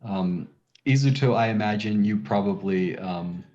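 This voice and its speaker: A man's voice: on the low side, unhurried, darkish tone. A man narrating a tabletop game as game master, hesitant with many ums and uhs, on a dull lo-fi recording.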